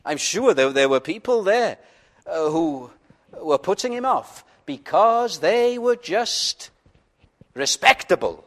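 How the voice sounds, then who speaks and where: A male preacher delivering a sermon at an unhurried, deliberate pace. His voice sits a little higher than most men's, earnest and pleading, sometimes sinking to a hushed, intimate tone. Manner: earnest, pleading, pauses and drops to a quiet intimate tone.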